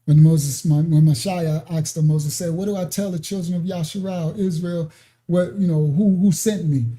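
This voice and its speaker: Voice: mid-range voice, steady tone, normal speed, warm tone. A ministry teacher giving an informal scripture lesson, explaining step by step and checking in with "right?" and "okay?" as he goes off on side paths. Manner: digressive, with many fillers and restarts.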